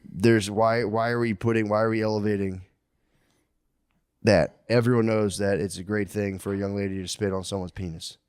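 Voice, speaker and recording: A man's voice: fairly low pitch, flat delivery, moderate pace, a little mellow, clean tone, no echo, studio quality. A man co-hosting a podcast, with crude, rambling, joking banter in casual chat. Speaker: podcast co-host.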